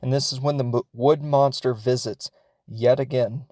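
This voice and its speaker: A man's voice: medium pitch, fairly even intonation, moderate pace, a little mellow, dry recording. Rambly guy retelling a movie plot on his podcast, tons of "like" and "you know", laughs along, dry close sound. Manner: rambling and chatty, many fillers; laughs as he talks. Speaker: podcast host. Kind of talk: casual film recap.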